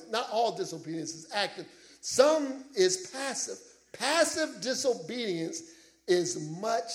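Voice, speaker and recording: A male preacher with a high, lively voice that swings up and down as he drives his points home. He talks at an unhurried pace in a loose, conversational sermon style, with laughing asides and calls for amens. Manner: animated, laughing asides, asks congregation "Amen?".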